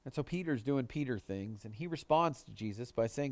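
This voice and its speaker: A male pastor preaching a sermon in an earnest manner, pushing his voice up for emphasis and dropping it low on quoted words. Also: lively intonation, brisk, few pauses, darkish tone.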